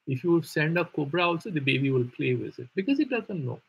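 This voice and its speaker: A man's voice: fairly high pitch, big pitch swings, fast, creaky, breathy edge, rough recording. A man teaching a live online Vedanta philosophy class, explaining patiently with rhetorical questions and repeated terms.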